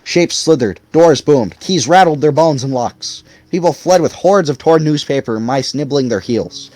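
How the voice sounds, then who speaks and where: A man's voice: fairly high pitch, normal speed, no echo. Man narrating an audiobook, dry close sound. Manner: expressive reading. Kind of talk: scripted narration.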